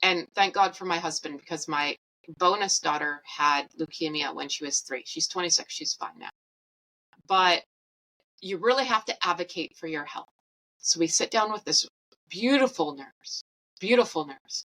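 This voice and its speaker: A woman's voice: fairly low pitch, moderate pace, pushed and bright, rough recording. A woman hosting a podcast, telling a personal story in a chatty, rambling, candid way. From Canada. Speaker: podcast host.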